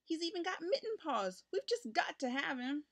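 A woman's voice: very high-pitched, sing-song, normal speed, fairly bright tone, voice pushed up, exaggerated voice. A woman reading a storybook aloud, voicing an eager, earnest little boy of almost six who begs his mother. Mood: excited. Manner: pleading, earnest.

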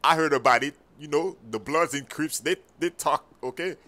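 A man's voice: on the high side, moderate pace, pushed and bright. A man voicing a persuasive male gang recruiter in a game story video, pleading earnestly. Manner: calls everyone "my brother", earnest pleading.

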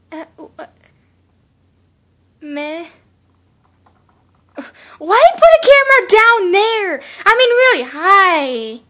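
A woman voicing a timid, soft-spoken female cartoon pony who reacts to a video, hesitant and full of ums, easily startled. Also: high voice, full character voice. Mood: nervous. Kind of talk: fan reaction commentary in character.

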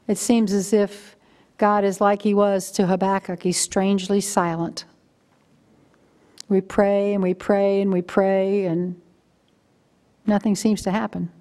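A woman's voice: mid-range voice, a little mellow. Older woman preaching a sermon. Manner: conversational storytelling preaching. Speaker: guest preacher.

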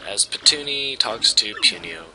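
Wry low-voiced game commentator. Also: male voice, animated, normal speed, over music, poor audio. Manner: wry, joking. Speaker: let's play commentator.

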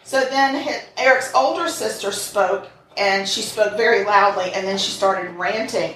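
A woman co-hosting a podcast, telling a true crime case in casual chat that is animated, blunt and peppered with crude jabs. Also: mid-range voice, measured pace, hardly any pauses. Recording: roomy and distant with faint noise.

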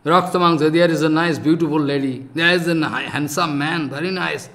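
Casting: older man, bright high preaching voice, scolds and exhorts. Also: fairly quick. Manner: animated, scolding, rising to loud emphatic bursts. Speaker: spiritual teacher. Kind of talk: sermon.

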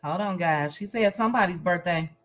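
A woman from Chicago hosting a livestream, chatting casually in a lively, playful, slangy way and reading out viewer comments. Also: fairly low pitch, brisk. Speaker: livestream host.

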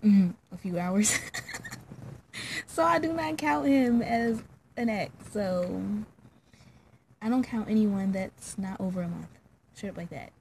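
A woman's voice: mid-range voice, a little slow, gravelly, pauses often, darkish tone, a little hiss or hum, low-quality recording. A woman vlogger telling a story in a casual, slangy, chatty way, full of fillers, straight to her viewers.

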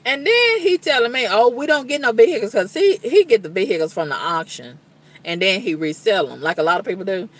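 A woman vlogger vents to the camera bluntly and emphatically in colloquial language, cussing, repeating exclamations and telling exasperated stories. Her medium-pitched voice is very animated and a little fast.

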